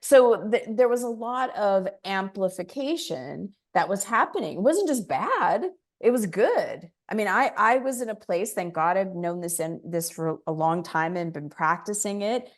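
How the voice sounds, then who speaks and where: A woman in her fifties, a spiritual teacher chatting as an interview guest and telling lively stories with little acted-out voices. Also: medium pitch, measured pace, hardly any pauses. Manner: animated storyteller, acts out quoted voices. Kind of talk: casual interview chat.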